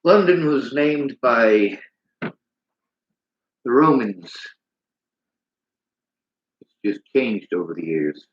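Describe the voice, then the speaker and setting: A man's voice: mid-range voice, lively intonation, drawn-out words, pauses often. A man hosting a livestream, ranting bitterly in a preachy way and reading out chat comments. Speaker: livestream host. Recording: roomy, dull lo-fi sound.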